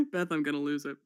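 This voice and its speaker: A guest on a casual chat who talks in an excitable, animated way and laughs often. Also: medium pitch, dry recording.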